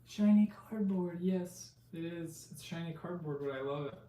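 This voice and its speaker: A man's voice: a little high, normal speed, dark tone. A man hosting a casual live stream, chatting with viewers and reading card names aloud. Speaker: live-stream host opening trading card packs. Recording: roomy, distant mic with faint noise.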